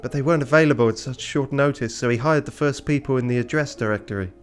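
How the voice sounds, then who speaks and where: A man's voice: mid-range voice, fast talker, soft background music, voice pushed up, close to an everyday voice. A man voicing a naive young female cat heiress with a prim, sing-song manner, his voice raised a little. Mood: sweet.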